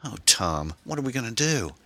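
A man reading aloud and voicing an excitable, frightened young girl with shrill, breathless exclamations. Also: moderate pace, husky, no echo, exaggerated voice.

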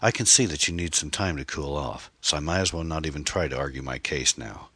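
A man's voice: a bass voice, a little fast, bright, forceful tone, breathy edge, no echo, heavily acted. A man voicing a guilt-ridden divorced man, earnest and defensive as he pleads over the phone. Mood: pleading.

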